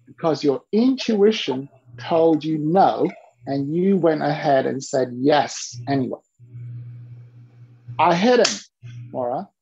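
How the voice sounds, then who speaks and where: Man, gravelly husky voice, animated storytelling, dull lo-fi call audio. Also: fairly high pitch. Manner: animated, acts out quoted voices. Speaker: business mentor. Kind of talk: storytelling to an interviewer.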